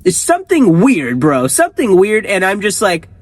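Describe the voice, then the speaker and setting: Excitable rambling man with lively pitch. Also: moderate pace, dry recording, poor audio. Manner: rambling and excitable, often breaking into laughs. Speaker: host. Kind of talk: casual reading of a horror story with comedic tangents.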